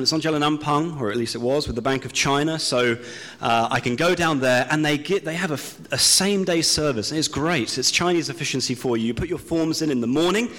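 British preacher telling a story in a hall. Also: male voice, on the high side, a bit bright. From Britain. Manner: storytelling, self-deprecating, drawn-out pauses. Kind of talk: sermon. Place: church hall. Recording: long hall reverb.

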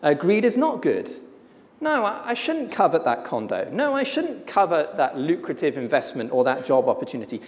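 Preacher giving a blunt, emphatic sermon with a lively, swinging delivery, heard in a reverberant hall. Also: mid-range voice. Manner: emphatic and blunt, with slow weighty pauses.

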